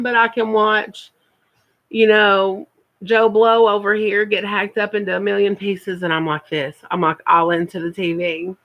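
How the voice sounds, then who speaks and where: A woman's voice: mid-range voice, little pitch movement, unhurried, dull audio. A woman, chatting casually on her first live stream and repeating words for emphasis.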